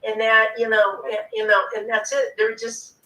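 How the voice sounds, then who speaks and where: A woman's voice: on the high side, flat delivery, moderate pace, bright, forceful tone. A woman, a spiritual practitioner, talking casually and rambling as she searches for her words. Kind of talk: casual chat. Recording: roomy, distant from the mic.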